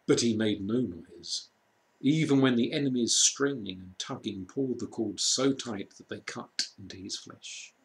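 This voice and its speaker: A man reading a children's storybook aloud, slow and measured with dramatic pauses. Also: mid-range voice. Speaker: reader.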